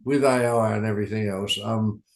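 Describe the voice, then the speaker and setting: A man's voice: on the low side, steady tone, brisk. An older man chatting casually about UFO stories, rambling and trailing off into asides. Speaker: club organizer, guest. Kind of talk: casual chat. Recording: echoey room.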